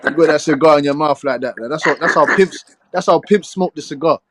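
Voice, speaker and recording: A man's voice: on the high side, brisk. A man with an English accent in a casual group chat, teasing and repeating himself. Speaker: chat participant.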